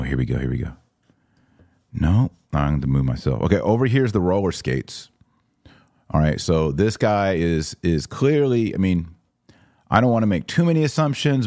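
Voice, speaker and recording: A middle-aged man hosts a podcast, talking through images in a casual, wry way and slipping into little put-on voices for the people he describes. His voice sits very low, and the recording is dry and close with no room around it. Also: a little mellow, no echo. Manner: wry, sarcastic, acts out quoted figures. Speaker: podcast host.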